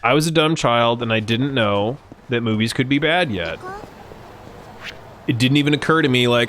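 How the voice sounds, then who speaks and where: A man's voice: medium pitch, expressive, moderate pace, fairly bright tone, slight background noise. A man streaming a video game live, commenting in a rambling, jokey and profane way.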